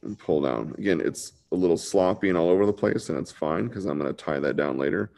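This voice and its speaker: Laid-back man teaching drawing, deep gravelly voice. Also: animated, fast talker, a little mellow. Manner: laid-back and chatty, says dude a lot. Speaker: drawing instructor. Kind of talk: casual live online drawing lesson.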